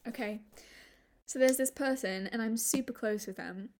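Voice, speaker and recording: A woman reads out a nervous, confused young man who is falling for his best friend. Her voice is fairly high and her reading halts at times as she works through the fan fiction lines. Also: normal speed, darkish tone, slight background noise, close to an everyday voice. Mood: hesitant.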